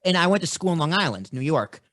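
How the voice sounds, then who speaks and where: A young man from Boston hosts a podcast, his accent strong and his stories blunt and lively. His voice sits a little high, recorded close and dry. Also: fast, no echo. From Boston, USA. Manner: animated, blunt storytelling. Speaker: podcast host. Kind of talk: casual podcast chat.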